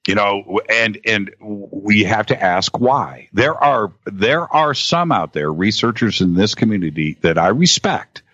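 A man in casual conversation as a guest, talking in halting bursts with many restarts and repeated words. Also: fairly low pitch, expressive, a bit bright, dry recording. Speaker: podcast guest. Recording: dull lo-fi audio.

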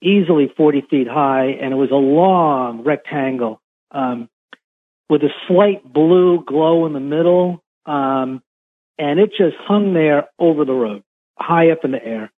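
A husky-voiced man tells his story over a tinny phone line into a radio show. His voice sits a little high for a man, and he stumbles and repeats words as he works through a long first-person account. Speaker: caller recounting a UFO encounter.

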